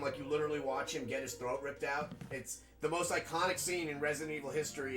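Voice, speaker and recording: A man's voice: on the high side, quick pace, music in the background. A man playing a video game and chatting casually, rambling and frank, with frequent swearing. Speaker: gaming streamer. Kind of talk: casual commentary while playing.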